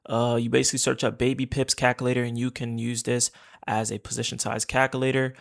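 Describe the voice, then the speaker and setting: A man's voice: mid-range voice, level tone, fast talker, creaky. A man teaching as a trading instructor in a casual screen-share tutorial, chatty and repeating his points while calling his viewers guys.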